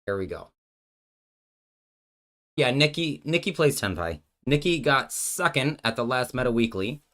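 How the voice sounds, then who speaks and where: A man's voice: medium pitch, animated, a little slow, fairly bright tone. A man hosting a casual live stream, working out card game plays while joking with his chat and thinking aloud, often breaking off mid-sentence. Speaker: streamer and host.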